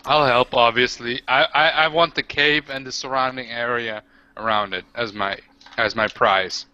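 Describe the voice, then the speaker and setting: A man's voice: medium pitch, fairly even intonation, normal speed, pushed and bright, dry recording, muffled recording. A man playing a tabletop game, sometimes talking in broken caveman speech for his character. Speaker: player. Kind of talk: casual tabletop play.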